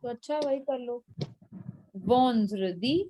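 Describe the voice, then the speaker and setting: A woman with a fairly high voice teaches a live online language class. She drills each word slowly and patiently, then explains points at a brisk clip. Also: animated, a little mellow, poor audio. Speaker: French teacher.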